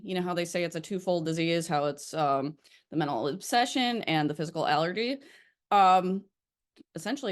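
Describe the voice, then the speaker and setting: A young woman with a stuffy nose and a slightly breathless voice, leading a study session and reading aloud haltingly with many fillers. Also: lowish voice. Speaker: recovery study leader. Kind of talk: casual recorded study session.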